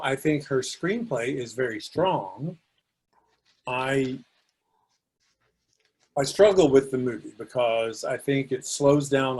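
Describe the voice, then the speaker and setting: A man's voice: mid-range voice, a little mellow. A man co-hosting a podcast, giving thoughtful, meandering opinions on a film. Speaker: podcast co-host. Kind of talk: casual film discussion.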